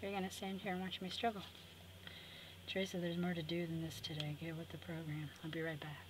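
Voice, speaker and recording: A woman's voice: fairly low pitch, flat delivery, brisk. A woman hosting a craft tutorial, chatting to viewers and talking herself through the steps with cheerful asides. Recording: clear background noise.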